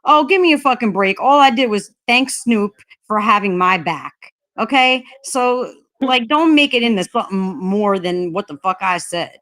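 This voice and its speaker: A woman's voice: medium pitch, expressive, normal speed, fairly bright tone. A woman hosting a livestream chat, ranting heatedly and swearing a lot. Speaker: livestream host.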